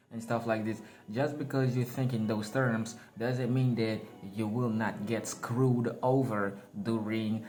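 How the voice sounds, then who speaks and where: Guy rambling about spirituality to camera, slangy, keeps cracking himself up, music playing behind. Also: medium pitch. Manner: rambling, laughs at his own jokes, slangy. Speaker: spiritual vlogger. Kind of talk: casual spiritual monologue. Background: background music.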